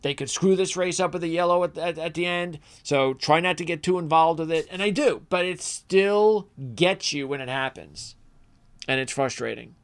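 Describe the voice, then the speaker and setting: Rambling, animated middle-aged man. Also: fairly high pitch, moderate pace, clean tone. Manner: animated, rambling, many restarts and asides. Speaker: motorsports channel host, former radio man. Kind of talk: casual rambling commentary to camera.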